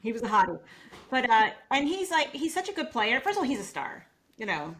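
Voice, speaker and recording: Bright eager woman podcaster. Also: a little high, very animated, brisk. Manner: eager, repeats herself, theorizing. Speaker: podcast co-host. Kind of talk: casual chat about reality TV.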